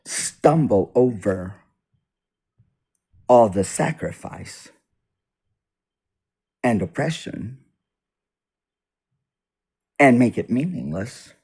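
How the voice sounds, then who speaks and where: Slow, lively-pitched man talking politics. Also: creaky, husky. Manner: halting, repeats and restarts, swings loud and soft. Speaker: video blogger. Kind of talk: unscripted political monologue. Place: indoors, US east coast.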